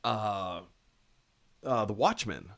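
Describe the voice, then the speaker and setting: A man's voice: fairly low pitch, expressive, slow pace. Rambling male live-stream host. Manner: reads viewer messages aloud, rambling with many fillers. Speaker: podcast host. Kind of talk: casual live-stream chat.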